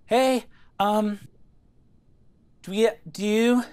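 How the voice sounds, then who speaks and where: A woman's voice: medium pitch, fairly even intonation, drawn-out words, a little mellow, clear, resonant tone. A woman voicing a nervous, eager teenage girl who stumbles and restarts as she speaks. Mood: flustered. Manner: flustered, stumbling, restarts often.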